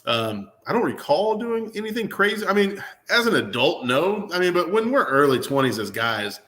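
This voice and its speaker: A man's voice: high-pitched, moderate pace. Thirties guy on sports radio, jokey storyteller, casual chat. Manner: joking, animated storyteller. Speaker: guest, Clemson fan.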